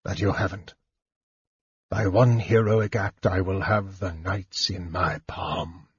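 Low, husky, hissing villainous knight, read by a man, dull close recording. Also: takes it slowly, no echo, heavily acted. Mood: seething. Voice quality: soft, shaking, menacing. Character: bitter proud male knight lord, hateful. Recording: muffled lo-fi audiobook recording.

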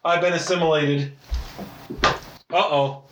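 A man co-hosting a casual podcast, laughing often and tossing in quick quips. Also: a little high, steady tone, highs cut off. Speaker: podcast co-host. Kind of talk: casual chat. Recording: roomy echo.

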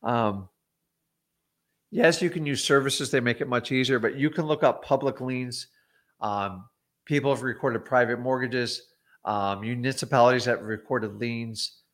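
A man's voice: mid-range voice, measured pace, fairly bright tone. A middle-aged man, a real estate investor, teaching wholesaling in a casual livestream, blunt and chatty with frequent ums and asides.

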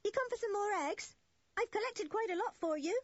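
A woman's voice: extremely high pitch, a little fast, darkish tone, no room sound, muffled recording, voice pushed up. A woman voicing a friendly, proud young farm boy in a storybook reading, chatty and cheerful.

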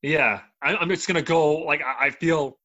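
Animated Canadian man, bright voice. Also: fairly high pitch, normal speed, muffled recording. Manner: animated, exclaims and trails off mid-sentence. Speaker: podcast co-host. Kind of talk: casual chat.

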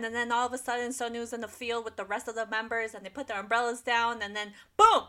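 A woman's voice: a little high, level tone, fast talker, hardly any pauses, sharp tone. A young woman co-hosting a casual chat, playful, acting out her own reactions with big emphasis. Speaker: podcast co-host.

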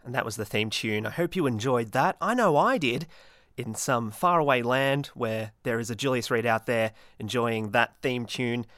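A man hosting his own solo podcast, rambling in a manic, self-mocking way with many restarts and dark deadpan jokes. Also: medium pitch, normal speed. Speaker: podcast host.

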